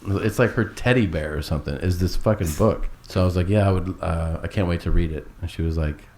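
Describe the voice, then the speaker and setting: A man's voice: low voice, fairly quick, a little mellow. A man telling a long, rambling, profane story in casual chat, acting out every quote.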